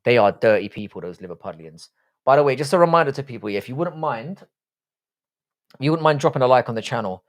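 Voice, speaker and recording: A man's voice: medium pitch, lively intonation, quick pace. An Irish man hosting a live stream, chatting casually and reading out viewer comments, blunt and swearing freely with a self-deprecating edge. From Ireland. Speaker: livestream host.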